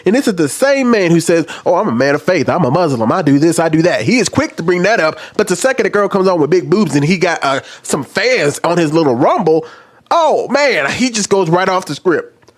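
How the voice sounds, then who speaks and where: A man's voice: high-pitched, sing-song, brisk. A man ranting indignantly in heated stream commentary, played as a clip.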